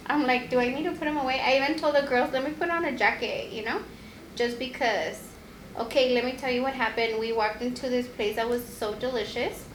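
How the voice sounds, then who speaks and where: A woman's voice: on the high side, steady tone, fairly quick, echoey room, slight background noise, poor audio. A young woman hosting a casual podcast chat, telling a travel story with a lot of laughter. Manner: chatty storyteller, laughs often. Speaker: podcast co-host.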